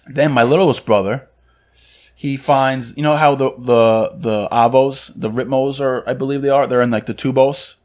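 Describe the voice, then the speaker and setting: A man's voice: medium pitch, fairly even intonation, normal speed, a little mellow. Young man telling a story casually. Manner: storytelling, acting out quotes in a mocking tone. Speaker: podcast co-host. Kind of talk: casual chat.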